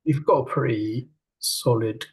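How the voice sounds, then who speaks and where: A man co-hosting a casual podcast chat, hesitant and trailing off, with quiet laughs. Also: medium pitch, measured pace, husky, poor audio. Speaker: co-host.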